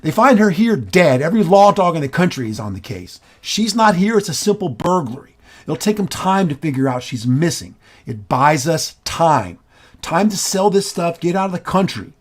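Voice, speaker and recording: A man's voice: on the high side, big pitch swings, normal speed. An actor in a stage reading playing a reformed ex-convict who reasons urgently with his partner. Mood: tense. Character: reformed male ex-con, tense and calculating.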